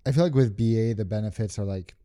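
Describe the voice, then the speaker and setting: Chatty New York man, dark voice. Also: lowish voice, fast. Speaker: podcast co-host. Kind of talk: casual chat. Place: room in Doha, recorded together in person.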